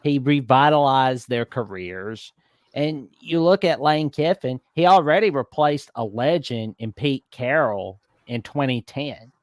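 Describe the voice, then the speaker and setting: A man hosting a casual college football talk show, animated and given to mock-scolding asides. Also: mid-range voice, measured pace, no room sound, studio quality.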